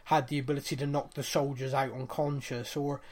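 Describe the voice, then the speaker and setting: A man's voice: mid-range voice, brisk. A man, casually recapping a TV series on a podcast, rambling with fillers and acting out quotes. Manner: animated, rambling retelling with fillers and acted-out quotes. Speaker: podcast co-host.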